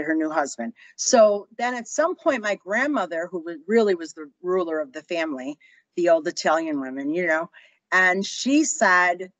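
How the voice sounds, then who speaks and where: A woman's voice: fairly low pitch, no echo, low-quality recording. A woman in her sixties, a guest telling personal stories in an interview and acting out the voices of people she quotes. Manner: animated, acts out quoted voices. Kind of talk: storytelling interview.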